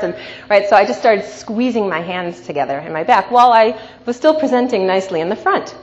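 A woman's voice: medium pitch, fast talker. Storytelling woman lecturing in a hall. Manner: lively anecdotal, often asks "right?". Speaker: coach and teacher. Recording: dull recording in a reverberant hall, faint noise.

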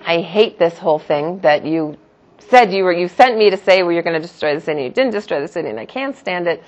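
A woman's voice: lowish voice, lively intonation, brisk, muffled recording, natural voice. A woman voicing a dramatic, sulking male prophet who complains in a whiny tone.

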